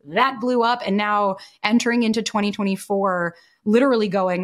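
Blunt, expressive woman guest. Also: medium pitch, moderate pace, hardly any pauses. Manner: blunt, expressive, swears freely, acts out quoted voices. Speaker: podcast guest, dating coach. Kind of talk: candid conversational storytelling.

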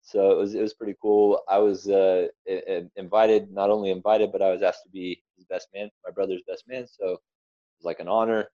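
Young man, very low and mellow, earnest and rambling; dull, dry lo-fi sound. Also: level tone, a little fast, dry recording. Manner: earnest, rambling storyteller with restarts. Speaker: interview guest. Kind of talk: personal testimony.

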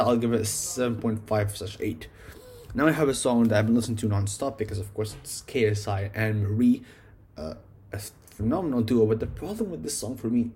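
Reviewing his favorite tracks, a music reviewer rambles and swears, leaning heavily on "like". His mid-range voice is husky with a dark tone.

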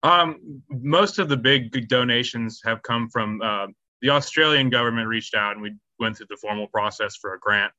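A man's voice: mid-range voice, normal speed, pushed and bright, dry recording, dull audio. A man answering interview questions about volunteer work, hesitant, with many ums and restarts. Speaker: charity volunteer.

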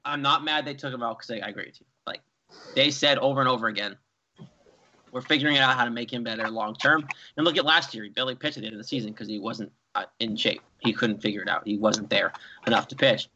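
A young man, co-hosting a casual sports chat, animated and rambling. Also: mid-range voice, fast talker, background noise. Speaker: co-host. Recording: dull lo-fi sound.

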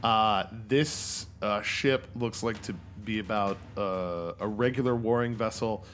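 A man's voice: on the low side, a little slow, fairly bright tone, faint music behind. A man running a tabletop role-playing game, describing scenes with many fillers and restarts. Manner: rambling, filler-heavy narration. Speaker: game master.

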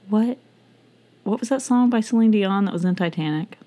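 A woman's voice: mid-range voice, a little slow, warm tone. A woman in her thirties co-hosting a casual home podcast, rambling and laughing at herself. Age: 30s. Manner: giggly, rambling, self-mocking. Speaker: podcast co-host. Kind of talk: casual chat.

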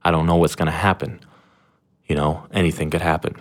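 Deep-voiced man rambling casually. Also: steady tone, brisk. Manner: rambling, slangy, full of fillers and restarts; irreverent and self-deprecating. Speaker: podcast host. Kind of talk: casual chat.

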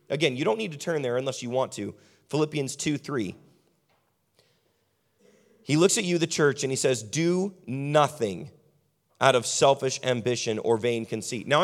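A man preaching a sermon as pastor, building repeated lists and dropping his voice low and quiet for emphasis. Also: in a large hall.

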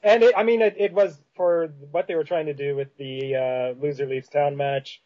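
A man's voice: fairly high pitch, fairly even intonation, normal speed, muffled recording. A man with a Canadian Prairies accent hosting a podcast in casual chat, rambling with many fillers and restarts. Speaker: podcast host.

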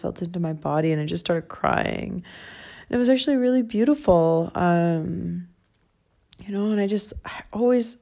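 A woman's voice: on the low side, vocal fry, mellow. A young woman talking candidly in a personal travel vlog, emotional and tearful, laughing through tears and swearing casually. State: crying. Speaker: travel vlogger.

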